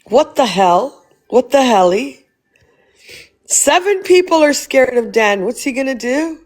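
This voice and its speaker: A woman's voice: high-pitched, very animated, a little slow. A woman hosting a casual livestream, blunt and swearing freely as she asks rhetorical questions. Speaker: livestream host.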